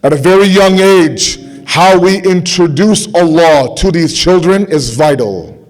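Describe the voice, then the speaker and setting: A man's voice: on the high side, expressive, unhurried. Impassioned man giving a sermon. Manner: impassioned, repeats phrases for emphasis, drops to quiet intensity. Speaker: speaker at a religious gathering.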